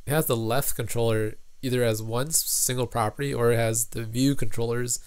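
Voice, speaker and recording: A man's voice: mid-range voice, steady tone, brisk, smooth, dry recording. A man hosting a casual livestream, reading viewer comments and thinking aloud with lots of fillers. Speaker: livestream host, app developer.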